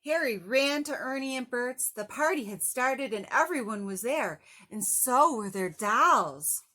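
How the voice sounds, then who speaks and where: A woman reading a children's picture book aloud in an animated, sing-song way. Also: fairly high pitch, measured pace. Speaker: storybook reader.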